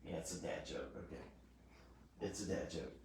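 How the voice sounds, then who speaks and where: A man co-hosting a casual chat, relaxed and talkative, fond of corny jokes. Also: deep voice, moderate pace, a little hiss or hum. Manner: relaxed, chatty, tells dad jokes. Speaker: co-host. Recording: echoey room, far from mic, faint background ambience.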